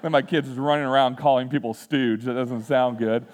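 A man in his thirties, a pastor giving a sermon, telling funny self-deprecating stories and then speaking quietly and earnestly. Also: medium pitch, fairly even intonation, fairly quick. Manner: humorous, self-deprecating storyteller who acts out quotes; turns quiet and earnest when reflecting. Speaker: student ministries pastor. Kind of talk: sermon with personal storytelling.

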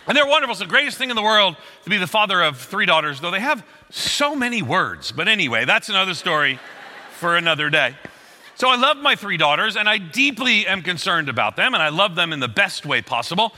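A man's voice: high voice, a little fast, big-room sound. A middle-aged man preaching a sermon as a pastor, telling stories with acted-out quotes. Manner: animated storytelling with acted quotes.

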